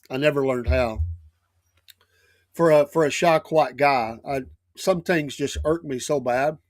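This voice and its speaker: A man's voice: medium pitch, dry recording, clean studio sound. A middle-aged man with a Southern US accent, hosting a live show and telling long rambling stories with many restarts. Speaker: show host. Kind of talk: casual storytelling talk.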